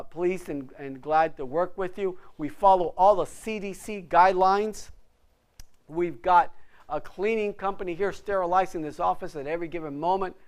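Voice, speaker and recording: A man's voice: sits high, clear, resonant tone. A man who is a real estate broker, giving an instructional class to agents in an emphatic, motivational way and repeating words for stress. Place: office classroom.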